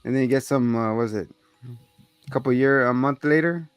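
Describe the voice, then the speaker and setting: A man's voice: medium pitch, brisk, clear, resonant tone, dry recording, soft background music. A man hosting a podcast, casually recapping a movie scene by scene, swearing freely and acting out the characters' lines in a raised voice. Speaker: podcast co-host.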